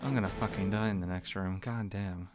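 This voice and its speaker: A man's voice: low voice, steady tone, brisk, over loud music. A young man casually commenting on a game, swearing often and reading the story aloud with small stumbles. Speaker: let's read host.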